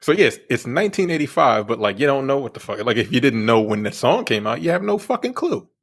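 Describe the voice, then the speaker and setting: A man in casual podcast banter about a movie, laughing and swearing as he reacts. His voice is slightly husky and his pitch moves a lot. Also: sing-song, fast. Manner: laughing, profane, reacting with disbelief. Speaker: film review podcast co-host. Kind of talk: casual film review chat.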